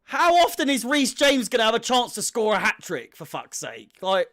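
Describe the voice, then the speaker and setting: A man's voice: very high-pitched, wildly swooping pitch, normal speed, a bit bright. A young man giving casual live commentary on a football match as a fan, swearing freely and sounding exasperated.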